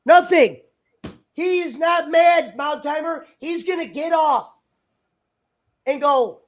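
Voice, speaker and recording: A man's voice: very high voice, slow pace, pauses often. A man chatting on a livestream in a rambling, argumentative, profane way. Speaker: stream guest. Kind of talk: casual livestream chat.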